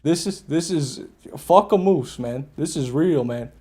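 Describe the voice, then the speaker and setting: A man's voice: a little high, measured pace, mellow, husky, soft background music. A man streaming a video game live, chatting with viewers in a casual, profane, joking way and laughing at his own jokes. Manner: chats with viewers while playing. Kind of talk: casual live gameplay commentary.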